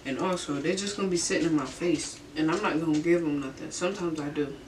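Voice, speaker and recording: Talking fast in a low voice, a young woman shares a story while doing a mukbang vlog in her bedroom. Her style is relaxed, slangy, and full of swearing and laughter, captured by a distant mic in a roomy space with a faint hiss.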